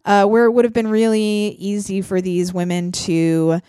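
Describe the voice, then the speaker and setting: A woman's voice: medium pitch, flat delivery, normal speed, warm tone, clean tone, no echo. Woman podcast host, casual and chatty, mid-range voice, dry close recording. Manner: chatty, laughs often, lots of fillers. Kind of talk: casual chat.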